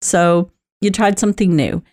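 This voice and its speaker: Woman, middle-aged, low-pitched, chatty storyteller host who laughs often. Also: normal speed, darkish tone. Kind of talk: personal storytelling talk.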